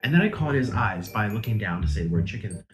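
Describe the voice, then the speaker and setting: A woman's voice: rumbling low, expressive, fast. A woman in a viral clip complaining about a restaurant order in an indignant, dramatic way, acting out what people said. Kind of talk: self-recorded complaint video. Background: music.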